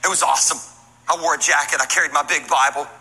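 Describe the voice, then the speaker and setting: High-voiced man preaching in an echoey hall. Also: fast talker. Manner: humorous, energetic storytelling, sometimes shouting. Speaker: pastor. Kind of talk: sermon.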